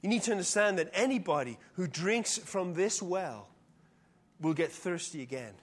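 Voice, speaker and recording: A calm, authoritative teacher, voiced by a male preacher, speaks in a low, hushed tone. The delivery is slow and solemn. The voice stays soft and gentle throughout. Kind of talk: sermon storytelling with acted quotes.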